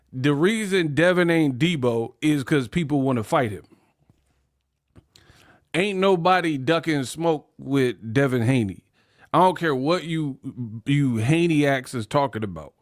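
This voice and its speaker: Young man, boxing stream host, slangy and animated, fairly high voice, dry close sound. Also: dry recording. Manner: animated, slangy, laughs at his own jokes. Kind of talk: live-stream commentary.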